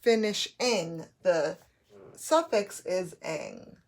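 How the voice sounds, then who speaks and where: A woman teacher giving a slow, patient phonics lesson to young children, spelling out letters as she goes. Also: on the low side, lively intonation.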